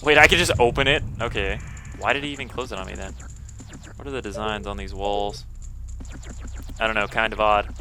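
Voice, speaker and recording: A man's voice: lowish voice, a little fast, pauses often, bright, forceful tone, slight background noise. A young man giving casual, crude, joking commentary while playing a video game. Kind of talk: let's play commentary.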